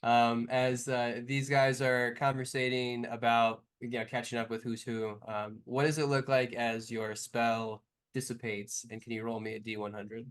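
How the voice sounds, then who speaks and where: A man's voice: mid-range voice, level tone, normal speed, few pauses, clean tone. A man running a tabletop game as game master, narrating loosely with lots of fillers.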